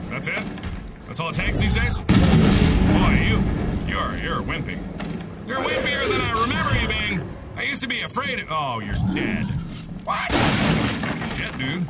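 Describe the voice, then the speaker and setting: A young man joking his way through a horror game, his voice high and swinging wildly up and down as he exclaims and teases. Loud game music runs right under his talk. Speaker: host. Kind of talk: let's-play commentary.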